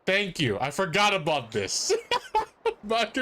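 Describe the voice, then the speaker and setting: A man's voice: sits high, big pitch swings, slow pace, long pauses, sharp tone, slight background noise. Playful streamer guy laughing through his game, voice jumps around a lot. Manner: playful, laughs often, reads game text aloud. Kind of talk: casual gaming commentary.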